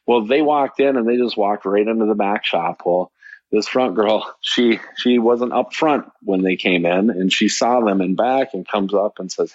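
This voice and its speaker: A man's voice: lowish voice, normal speed, dry recording, highs cut off. A man, a shop owner, casually telling a story on a podcast and acting out the dialogue. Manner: animated, acts out quoted dialogue.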